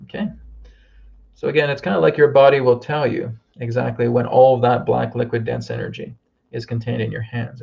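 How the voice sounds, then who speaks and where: Man, gravelly voice, leads a guided healing meditation over muffled lo-fi audio, calm check-ins. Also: mid-range voice. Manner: slow, soothing instructions with frequent "okay?". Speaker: healer leading a group healing.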